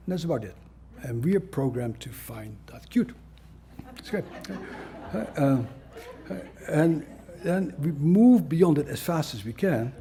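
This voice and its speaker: A man's voice: fairly high pitch, animated, a little slow, warm tone. A man giving a conference lecture as a psychiatrist, blunt and conversational with a wry humor.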